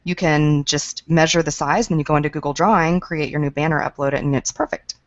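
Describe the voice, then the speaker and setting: A woman's voice: sits low, steady tone, fast, no room sound. A woman panelist in an online educator session, explaining tools in a practical, matter-of-fact way over a video call. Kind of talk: conversational explanation. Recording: dull, dry video call audio.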